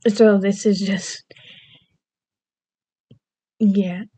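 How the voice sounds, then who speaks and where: A young woman rambles in a goofy, self-deprecating vlog chat that wanders from topic to topic. Her voice is mellow and soft-edged, at a middle pitch. She is recorded close up on a dry, unechoing mic. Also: level tone, very slow, dry recording. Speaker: vlogger.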